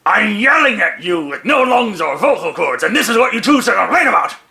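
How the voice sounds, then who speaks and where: A man voicing an exasperated skeleton soldier who yells at another skeleton. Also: a little high, expressive, moderate pace, gravelly, reverberant, pitched above the performer's own voice, exaggerated voice. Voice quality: loud, indignant.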